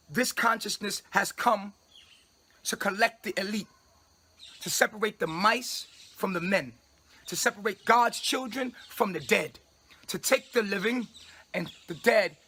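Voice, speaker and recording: A man's voice: high voice, sharp tone, breathy edge. A man streaming a grandiose, commanding preaching monologue to his followers, scolding them with repeated phrases. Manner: repetitive, scolding tone at listeners. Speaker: self-styled spiritual leader addressing followers.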